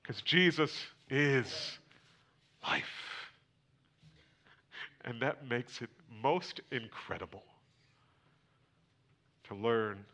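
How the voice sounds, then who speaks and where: A male pastor delivers a sermon at an unhurried, deliberate pace. His voice is bright and forceful, and he swings between loud, emphatic declarations and hushed, near-whispered words for effect. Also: medium pitch, lively intonation.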